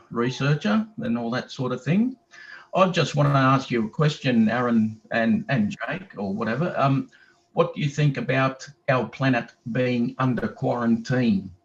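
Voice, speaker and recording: A man with an Australian accent calling in to a show, chatty and hesitant with lots of ums. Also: mid-range voice. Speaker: caller. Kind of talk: casual call-in chat. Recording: dull lo-fi call audio.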